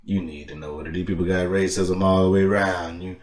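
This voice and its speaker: A man's voice: deep voice, normal speed. A man hosting a casual monologue, talking emphatically and preachily and repeating his phrases for weight. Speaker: podcast host. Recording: echoey room, distant mic.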